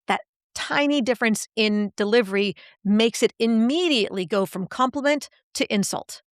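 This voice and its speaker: A middle-aged woman with a mid-range voice talks through her expertise as a guest on a podcast. She is animated and acts out quoted lines as examples. The sound is close and dry. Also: mid-range voice, no room sound. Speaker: guest, cognitive linguist and executive coach. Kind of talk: podcast interview.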